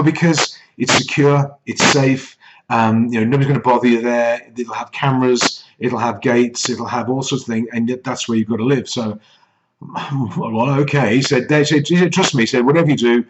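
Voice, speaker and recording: A man's voice: mid-range voice, moderate pace. A middle-aged English man telling a rambling, self-deprecating anecdote as a business coach. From England. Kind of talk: casual anecdote. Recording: slightly dull lo-fi audio with faint noise.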